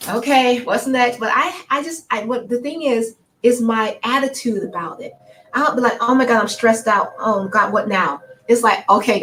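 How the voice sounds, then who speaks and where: Animated woman giving spiritual advice. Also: a little high, rough recording. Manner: animated, acts out her own inner dialogue. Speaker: spiritual teacher. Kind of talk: live Q&A broadcast talk.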